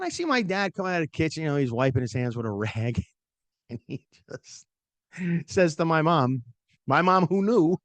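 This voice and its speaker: This middle-aged podcast host, whose voice sits on the high side, talks at normal speed while recounting something from his own life. Casual and lively, he fills his speech with fillers and acts out quoted voices. No echo is audible.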